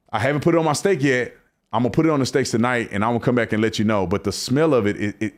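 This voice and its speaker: A man hosting his podcast, giving casual commentary in an emphatic, colloquial way with stumbling restarts. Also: on the low side. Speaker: podcast host.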